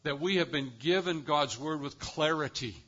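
A man preaching a sermon, building to loud emphatic swells and dropping to quiet, deliberate lines. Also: a little high, highs cut off.

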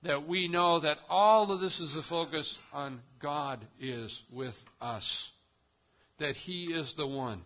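A man's voice: mid-range voice, slow, sharp tone, dull audio. A man preaching a sermon as pastor, with an emphatic cadence that rises and falls.

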